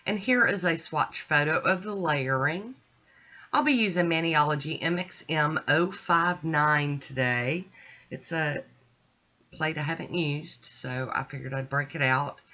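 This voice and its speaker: A middle-aged woman hosting a nail art channel, calmly talking through each step of her manicure in a relaxed, chatty way. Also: sits low, measured pace. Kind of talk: casual tutorial narration. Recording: dull lo-fi sound.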